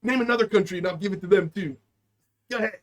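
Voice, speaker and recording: Young guy w a really high voice, rambly crude podcast banter, fake country drawl bits. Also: fast. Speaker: podcast co-host.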